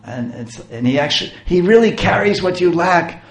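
A man's voice: high-pitched, lively intonation, normal speed, pitched above the performer's own voice. A man voicing a poor scholar husband who stammers in bewilderment and speaks fervently. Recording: roomy echo.

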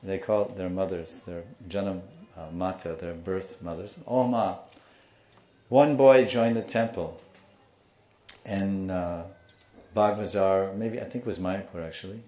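A man with a low voice tells devotional stories in a lecture, acting out the people in them. The recording is muffled and sounds roomy. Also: measured pace. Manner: animated storyteller, acts out the people in his story. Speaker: spiritual teacher.

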